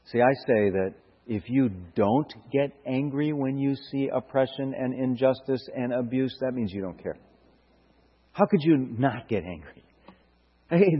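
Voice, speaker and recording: Husky-voiced preacher in an echoing hall. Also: male voice, medium pitch. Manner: earnest, rhetorical questions, stammered restarts, rising to emphatic bursts. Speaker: pastor. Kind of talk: sermon. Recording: dull lo-fi sound with hall reverb.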